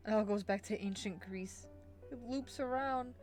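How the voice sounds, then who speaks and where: A woman's voice: medium pitch, normal speed, music in the background. A young woman streaming a game with a friend, chatting, laughing often and reading the chat aloud. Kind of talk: casual gaming stream chat.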